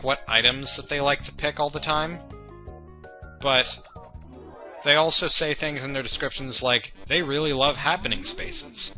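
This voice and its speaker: Game music sits under the mid-range voice of a young man whose delivery is pushed and bright. As a let's play commentator, he rambles over the gameplay, runs himself down, and wanders off on chatty tangents.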